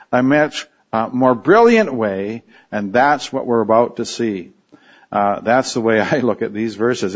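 Man preaching in a halting, conversational way. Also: mid-range voice, muffled recording. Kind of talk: expository sermon.

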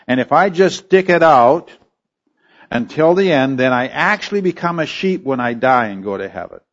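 A man preaching an expository sermon, emphatic and deliberate, often asking rhetorical questions as he teaches. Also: medium pitch, big pitch swings, dull audio. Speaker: pastor.

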